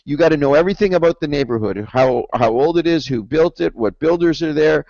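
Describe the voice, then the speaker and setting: A man giving a real estate sales training webinar in an energetic, persuasive style, with stories along the way. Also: a little high, fairly quick, creaky, dry recording. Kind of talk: webinar lecture. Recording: dull dry webinar audio.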